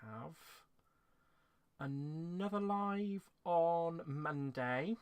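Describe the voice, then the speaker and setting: A man from England who runs a craft channel closes his live stream emotionally, nearly crying, rambling from the heart and laughing through restarts. His rather high voice is animated yet extremely slow, smooth, and free of echo.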